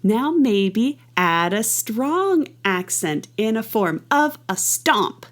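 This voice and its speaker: A woman's voice: a little high, sing-song, takes it slowly, hardly any pauses. A middle-aged woman teaching a movement class with enthusiasm, counting beats and making playful rhythmic sounds. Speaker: dance teacher.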